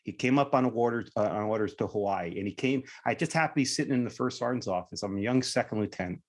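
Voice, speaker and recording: A man's voice: mid-range voice, quick pace. A middle-aged man, a retired Army officer, talking bluntly in a casual podcast conversation and telling war stories, swearing and tagging "right?" onto his points. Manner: blunt storytelling, swears freely, keeps asking "right?".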